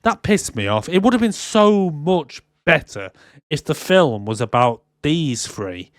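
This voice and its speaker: A man co-hosting a casual movie review podcast, sarcastic and quick to swear as he acts out scenes. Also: on the high side, very animated, dry recording, clean studio sound. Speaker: podcast co-host.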